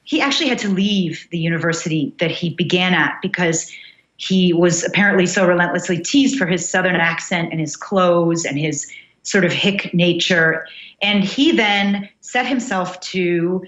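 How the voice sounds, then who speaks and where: A young American woman, a guest writer in a casual interview, thinking aloud with many pauses, fillers and restarts. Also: fairly low pitch, fairly bright tone, roomy sound, dull audio. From United States.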